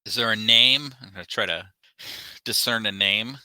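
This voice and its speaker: A man chimes in at a tabletop game in an easygoing, joking way. His voice is fairly low but very bright and sharp in tone. The sound is dry, with no room echo. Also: normal speed. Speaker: player.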